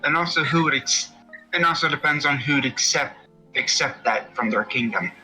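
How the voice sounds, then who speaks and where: A man's voice: mid-range voice, normal speed, pushed and bright, husky, faint music behind, rough recording. A man joining a casual game stream, curious and wry in his comments.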